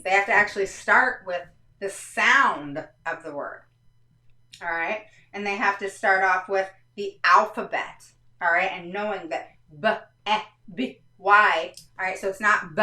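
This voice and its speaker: A woman's voice: medium pitch, sharp tone. Woman explaining over a roomy mic. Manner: explanatory, keeps checking in with "all right". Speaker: host of a parenting live stream. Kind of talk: casual live-stream teaching talk. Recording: roomy, slightly distant mic.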